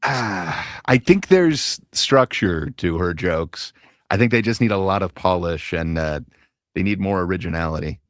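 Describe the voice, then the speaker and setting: A man's voice: sits low, expressive, unhurried, no echo, studio quality. A man hosting a casual panel chat, talking hesitantly, with lots of fillers, and laughing easily. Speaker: panel host.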